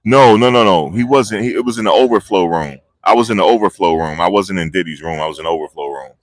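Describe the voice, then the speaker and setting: Rambling man with a low, dry voice. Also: fast, no echo. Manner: rambling and excitable, loses his train of thought. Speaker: vlogger reporting on a trial. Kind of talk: live casual street commentary. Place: outdoors outside a courthouse. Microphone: phone on a handheld gimbal.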